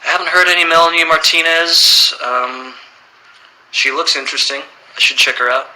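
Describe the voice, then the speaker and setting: Thirties male, relaxed livestream Q&A host, very bright tone, faint background hiss. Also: fairly high pitch, normal speed, low-quality recording. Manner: relaxed, reads questions aloud then answers plainly. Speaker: musician answering fan questions. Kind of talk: casual livestream Q&A.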